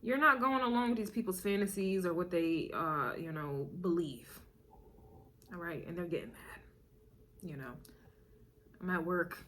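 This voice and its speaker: With slight background noise behind her, a tarot and astrology reader speaks in a fairly low, slightly bright voice, a little slow and pausing often. Her casual spiritual reading is emphatic and repetitive, dotted with chuckles and the word baby aimed at the listener.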